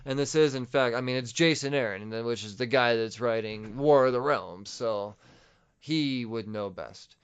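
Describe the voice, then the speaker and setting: A man hosting a podcast, recapping a comic book story in a rambling, excited and profane way. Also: mid-range voice, normal speed, smooth. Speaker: podcast host. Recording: dull lo-fi audio.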